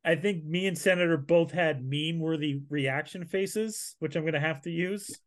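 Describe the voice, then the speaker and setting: A man with a slightly raised pitch hosts a casual podcast. He talks in a relaxed, easy way as he wraps up. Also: moderate pace. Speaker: podcast host.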